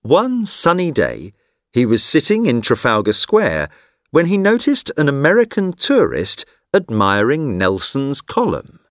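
A man giving scripted narration for a textbook listening exercise, reading slowly, clearly and expressively into a studio microphone. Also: mid-range voice, wildly swooping pitch, a bit bright, dry recording.

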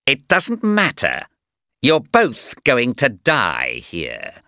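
A man voicing a scheming female villain who speaks slowly and with menace. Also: medium pitch, wildly swooping pitch, gravelly, bright, forceful tone, dry recording, clean studio sound, pitched above the performer's own voice, heavily acted. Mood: gloating. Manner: slow, drawn-out menacing delivery.

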